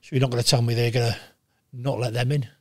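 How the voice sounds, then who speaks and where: An older man in his sixties, talking bluntly and with lots of swearing in a casual interview, telling animated stories. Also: mid-range voice, quick pace, no echo, studio quality. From Wales. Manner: blunt, profane, animated storytelling. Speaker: guest, former goalkeeper.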